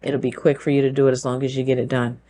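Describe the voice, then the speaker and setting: A woman hosting her own show, talking through a forceful opinion monologue, firing off rhetorical questions and laughing between points. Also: a bass voice, little pitch movement, fast. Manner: emphatic, fires rhetorical questions. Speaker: show host.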